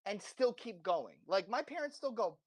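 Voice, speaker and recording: A man's voice: sits high, sing-song, normal speed. A man with a slight accent, a podcast guest giving impassioned, rambling advice with many restarts and self-corrections. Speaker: interview guest. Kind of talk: casual podcast interview.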